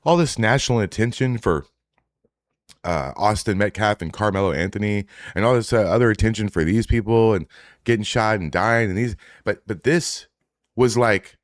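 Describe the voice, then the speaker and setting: A man's voice: on the low side, moderate pace, dry recording, studio quality. A man hosting a casual reaction stream, talking in a profane, rambling way with indignant asides. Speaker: streamer host reacting to social media posts. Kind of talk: casual livestream reaction commentary.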